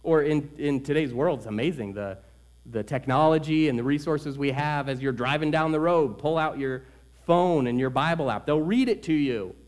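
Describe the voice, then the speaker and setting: Male pastor, slightly high voice, earnest sermon delivery with big dynamic swings. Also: normal speed. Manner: earnest preaching with swings between loud emphasis and quiet; tells a joke story in the middle.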